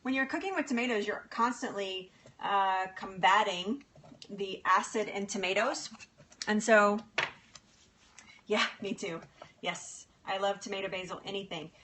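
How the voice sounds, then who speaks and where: A woman's voice: mid-range voice, a little slow, fairly bright tone, a little hiss or hum. A woman hosting a casual cooking livestream in a home kitchen, chatty and laughing often as she talks to viewers by name.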